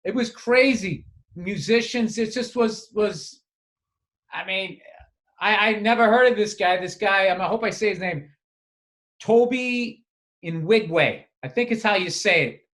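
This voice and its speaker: A man with a fairly high voice, talking loosely on a podcast mic. He circles around his point with restarts and casual swearing. He sounds relaxed and conversational. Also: measured pace. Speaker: comedian and podcast co-host. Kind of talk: casual chat.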